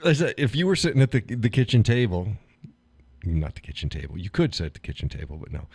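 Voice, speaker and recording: A man hosting a live stream, chatting casually about food and his day, laughing often and talking in an animated, blunt way with some swearing. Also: on the low side, fast talker, breathy edge, no room sound. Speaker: live stream show host. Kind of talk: casual chat reading viewer comments.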